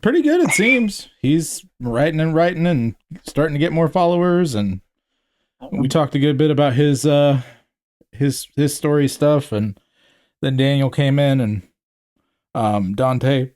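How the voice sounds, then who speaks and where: A man from North Georgia with a Southern accent, hosting a podcast in relaxed, rambling casual chat. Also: on the high side, a little slow. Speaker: podcast host.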